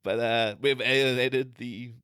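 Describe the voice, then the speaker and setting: A man's voice: medium pitch, fairly even intonation, a little slow, a bit bright, clean tone, dry recording, studio quality. A man co-hosting a podcast, rambling with lots of fillers and restarts, laughing as he goes. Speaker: podcast co-host. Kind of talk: casual chat.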